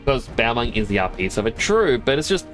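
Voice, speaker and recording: A man's voice: mid-range voice, big pitch swings, quick pace, a bit bright, faint music behind. A man streaming a game, chatting casually in a rambling, self-amused way. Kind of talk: casual chat while gaming.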